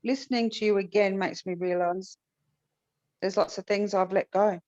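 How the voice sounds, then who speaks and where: A woman's voice: mid-range voice, steady tone, moderate pace, darkish tone. Woman, workshop participant, candid and reflective, muffled call audio. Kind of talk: casual chat on a video call. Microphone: video call.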